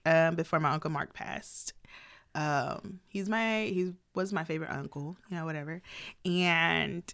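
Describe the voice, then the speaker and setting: A woman's voice: fairly low pitch, a bit bright, smooth. A woman guest on a casual chat, telling family stories with frequent laughter. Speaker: podcast guest.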